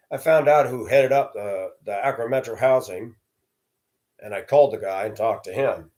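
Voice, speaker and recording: A middle-aged man hosts a personal storytelling monologue, speaking bluntly and plainly. His voice sits on the low side with a darkish tone, and he keeps a moderate pace.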